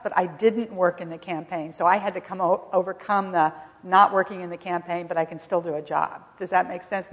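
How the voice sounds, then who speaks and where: A woman panelist recalling her years on the White House staff in a measured, reflective way. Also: on the low side, in a large hall. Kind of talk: panel discussion, personal recollection.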